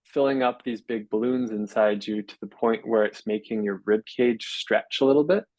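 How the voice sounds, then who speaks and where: A physiotherapist explaining breathing in a measured way, often pausing with fillers and restarting his sentences. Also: on the low side, a little mellow, no echo, poor audio. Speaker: physiotherapist guest. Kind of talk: explanatory interview talk.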